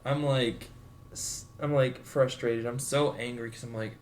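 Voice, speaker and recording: A man's voice: medium pitch, fairly even intonation, a little slow, a little hiss or hum. A man in his twenties on a podcast, telling a story casually and laid-back, acting out the people in it. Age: 20s. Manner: laid-back, acts out quotes with swearing and laughter. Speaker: podcast co-host.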